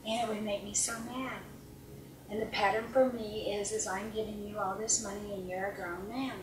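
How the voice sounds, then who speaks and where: A middle-aged woman coaching at a seminar, earnest, often acting out short dialogues and sometimes dropping to a calm hush, recorded with a distant mic in an echoey conference room. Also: medium pitch, moderate pace, crowd noise. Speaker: life coach speaker. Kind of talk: seminar talk.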